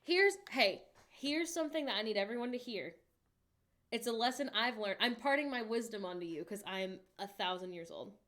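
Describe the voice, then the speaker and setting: A woman in her late twenties, hosting a livestream in a casual, candid chat and reading viewer messages aloud with animated asides. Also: fairly high pitch, moderate pace. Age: late 20s. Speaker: livestream host.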